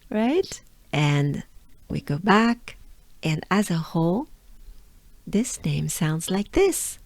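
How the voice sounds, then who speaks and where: A woman from France with a French accent leads a pronunciation lesson at a very slow pace. She stretches each syllable and gently coaxes the listener to repeat along. Her mid-pitched voice is recorded dry and close. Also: expressive, dry recording. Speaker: pronunciation coach.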